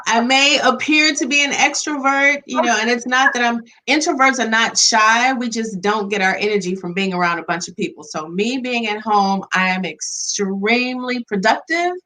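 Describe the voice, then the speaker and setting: A woman's voice: a little high, moderate pace, hardly any pauses, sharp tone, rough recording. A woman relationship coach, a guest on a show, speaking in an upbeat, confident way. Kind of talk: casual interview chat.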